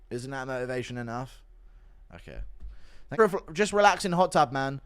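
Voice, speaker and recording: A man livestreaming and reading viewer donations in a casual chat, mumbling in a downbeat way, breaking into loud ranting bursts, and swearing freely. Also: medium pitch, animated, normal speed, clean tone. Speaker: streamer.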